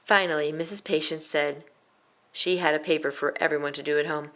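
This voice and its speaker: A woman reading a children's picture book aloud, expressive and playing out the sound effects. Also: deep voice, fairly quick.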